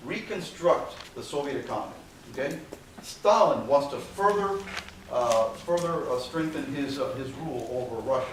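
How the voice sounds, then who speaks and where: A man giving a university history lecture in a conversational way, with frequent "okay" fillers and dry sarcastic asides. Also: mid-range voice. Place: lecture hall. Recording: very echoey hall, far from mic, faint hiss.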